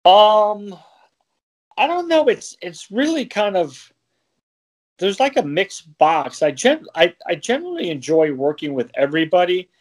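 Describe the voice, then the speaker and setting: A man's voice: high-pitched, big pitch swings, a little slow. A man who works as a wrestling referee, chatting casually on a podcast, laughing often and rambling with plenty of fillers.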